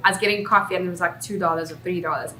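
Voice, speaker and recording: Speaking rapid-fire in a lower-register voice that sounds pushed and bright, this young adult South African vlogger keeps her intonation fairly even as she chats candidly and reflectively. There's slight background noise, a roomy echo, and faint music underneath.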